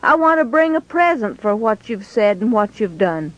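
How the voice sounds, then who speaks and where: A woman's voice: fairly high pitch, big pitch swings, moderate pace, fairly bright tone, highs cut off. A woman doing a stammering humble young farmer. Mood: eager. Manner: pleading, stammering. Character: humble frightened young Israelite farmer, male.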